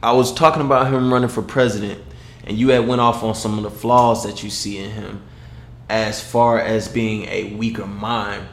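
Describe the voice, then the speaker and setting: A man in casual chat, explaining his views slowly and deliberately. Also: fairly low pitch, little pitch movement. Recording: echoey room.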